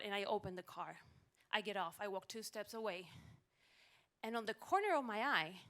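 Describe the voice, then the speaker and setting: Bright woman telling a comic story. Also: mid-range voice, normal speed. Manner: animated, with wry comic timing. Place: stage at a live story event.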